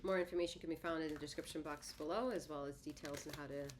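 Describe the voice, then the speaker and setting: Low-voiced woman giving a rambling tarot reading. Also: steady tone, fast, a little hiss or hum. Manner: rambling, self-correcting, conversational; slightly lisping, slurred words. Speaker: tarot reader and healer. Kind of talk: solo tarot reading to camera.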